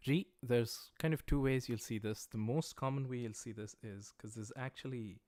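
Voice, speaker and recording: A man's voice: mid-range voice, moderate pace, darkish tone. An American man teaching a livestreamed language lesson, explaining patiently as he writes, with frequent "uh" and "um" fillers. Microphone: livestream microphone.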